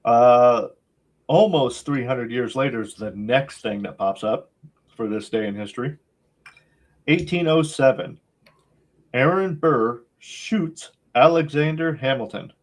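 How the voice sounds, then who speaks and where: A man co-hosting a relaxed podcast, drifting from plugs to history tidbits in an easygoing, meandering way. He fills his sentences with pauses and filler sounds and slips in dry sarcasm. His voice sits at an ordinary middle pitch. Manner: laid-back, rambling, many uh fillers, wry sarcasm. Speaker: podcast co-host. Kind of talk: casual podcast chat.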